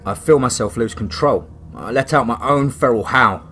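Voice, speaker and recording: A man reading a first-person horror story aloud, dramatic and rising to shouts. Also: medium pitch, normal speed, slight background noise.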